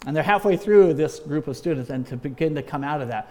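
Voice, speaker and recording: A man with a fairly high speaking voice delivers an emphatic training talk as a former missions pastor. He exhorts his listeners and pads his phrases with frequent "uh"s. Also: animated, quick pace, hardly any pauses, mellow.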